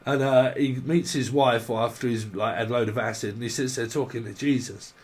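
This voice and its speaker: Rambling jokey tarot reader. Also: male voice, mid-range voice, fairly even intonation, fairly quick. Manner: rambling, jokey and irreverent, laughs often. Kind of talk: casual tarot reading vlog.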